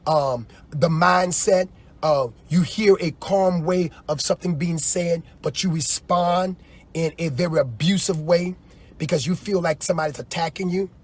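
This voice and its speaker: A man preaching in a loose, animated way on a livestream, often acting out quoted voices. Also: on the high side, moderate pace. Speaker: apostle.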